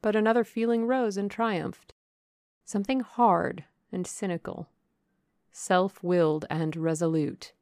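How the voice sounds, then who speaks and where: A woman narrating a classic novel as an audiobook, in a measured, deliberate reading. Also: medium pitch, steady tone, darkish tone, no room sound, studio quality.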